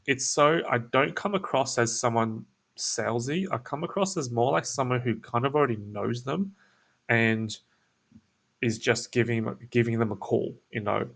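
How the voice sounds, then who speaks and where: A man's voice: mid-range voice, normal speed, gravelly, bright, forceful tone. A man hosting his own show, explaining a sales script in a casual screen-share walkthrough, laid back and full of restarts and fillers. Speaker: SEO business owner and show host.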